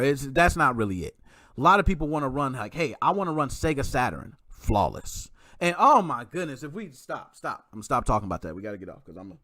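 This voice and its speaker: Guy vlogging about games, joking and slangy, bright lively voice, dry close sound. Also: medium pitch, no room sound. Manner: animated and joking, quick laughs, slangy. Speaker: gaming channel host. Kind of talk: casual commentary, reading viewer comments.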